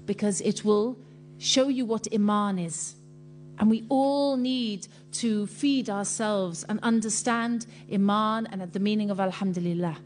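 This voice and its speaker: A woman with a slightly high voice speaks to a congregation in an impassioned religious talk. She tells her stories earnestly and emotionally, pausing often. A faint hum sits behind her. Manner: earnest, emotional storytelling with many pauses. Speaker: speaker addressing a Muslim congregation.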